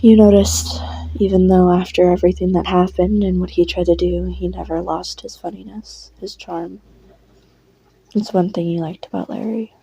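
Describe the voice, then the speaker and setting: Casting: young woman narrating listener role-play, gravelly, dark, rambling and casual. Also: on the low side, fairly even intonation, moderate pace, poor audio. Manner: casual, rambling, frequent fillers and swearing.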